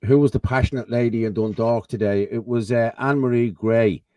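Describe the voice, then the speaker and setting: A man's voice: medium pitch, fairly even intonation, a little fast, warm tone, dry recording, far from the mic. A man hosting a live stream, chatting casually and reading out viewer messages. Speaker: show host.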